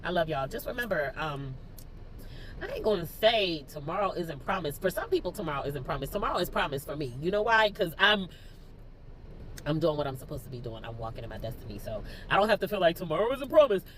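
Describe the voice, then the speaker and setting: A woman's voice: low voice, fast talker, a little hiss or hum, low-quality recording. A young woman with a Philadelphia accent, a teacher telling an emotional story to her viewers, close to tears and talking straight to them. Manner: tearful, expressive, talks straight to viewers. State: near tears. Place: in a car.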